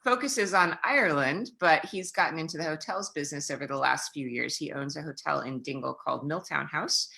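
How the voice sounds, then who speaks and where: Bright-voiced woman hosting a casual chat. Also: low-pitched, brisk, gravelly, few pauses. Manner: chatty, upbeat, many fillers. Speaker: host.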